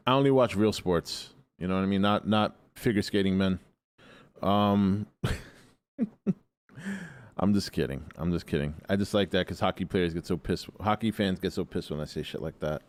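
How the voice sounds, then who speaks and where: A man's voice: sits low, moderate pace, smooth. A man hosting a casual live stream in a groggy, just-woken voice, rambling and opinionated as he answers chat and swears freely. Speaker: livestream host.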